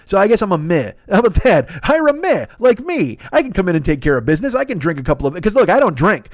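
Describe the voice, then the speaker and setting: A man's voice: high-pitched, very animated, quick pace, no echo, studio quality. Profane ranting male comedian. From half Irish heritage. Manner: profane, exasperated, rambling. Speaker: comedy podcast host. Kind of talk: solo comedic rant.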